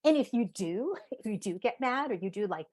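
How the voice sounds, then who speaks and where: A woman psychotherapist talking casually as a podcast guest, animated, acting out inner voices and saying "like" often. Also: mid-range voice, normal speed. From United States.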